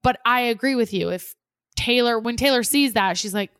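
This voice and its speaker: A woman's voice: a little high, moderate pace, fairly bright tone, clear, resonant tone, no echo, studio quality. A woman co-hosting a podcast in casual, slangy chat, talking emphatically. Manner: emphatic, slangy, says "like" a lot. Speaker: podcast co-host.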